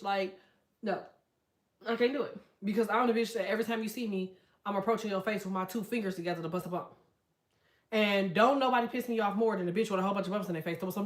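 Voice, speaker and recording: A woman hosting a casual livestream, telling stories in a loud, profane, animated way and reading out chat comments. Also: medium pitch, a little fast, reverberant. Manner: profane, animated storytelling with quoted voices.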